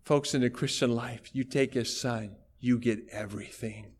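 A man's voice: mid-range voice, fairly even intonation, moderate pace, breathy edge. A man preaching a sermon, telling a story with dramatic emphasis and putting rhetorical questions to his congregation. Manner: dramatic storytelling, acting out characters' lines.

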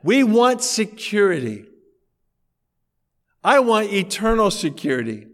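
A man's voice: high-pitched, very animated, slow, in a large hall. A male pastor preaching a sermon in a church auditorium, talking in a conversational way and telling anecdotes.

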